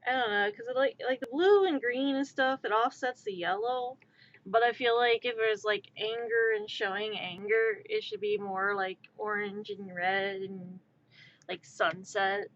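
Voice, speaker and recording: A woman's voice: medium pitch, fairly even intonation, unhurried, fairly bright tone, highs cut off. A woman streamer in casual live-stream chat, rambling and filling her sentences with "like". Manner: rambling, heavy use of "like".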